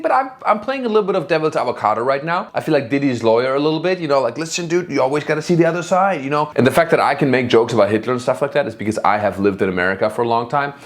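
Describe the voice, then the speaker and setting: Lively, joking man reacting to clips. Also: mid-range voice. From Germany. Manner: joking, sarcastic asides. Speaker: comedian and reaction host. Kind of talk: comedic reaction commentary.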